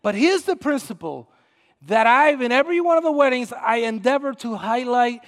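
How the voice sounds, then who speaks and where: A middle-aged male pastor with a very high voice preaches a sermon in a church. He swings from loud, shouted passages to hushed storytelling, and a long reverb of the hall trails every word. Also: expressive, moderate pace.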